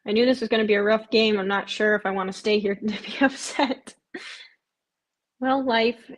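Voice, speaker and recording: Woman streamer just chatting with her viewers, lots of ums, says stuff twice, regular mid-pitched voice. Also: steady tone, normal speed. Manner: chatty, reacts to and answers viewer comments; frequent "um" fillers and repeats herself. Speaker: live stream host. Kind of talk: casual live watch-along chat.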